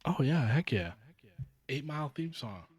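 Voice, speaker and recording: A man's voice: medium pitch, sing-song, normal speed, husky. A man co-hosting a podcast in laid-back, joking casual chat. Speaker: podcast co-host.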